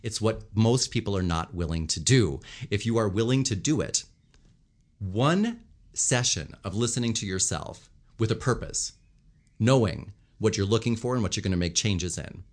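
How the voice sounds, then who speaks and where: A man talking as a communication coach, explaining body language and vocal melody and acting out different tones as examples. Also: on the low side. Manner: animated, demonstrates tones and gestures while explaining. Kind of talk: instructional commentary on speaking.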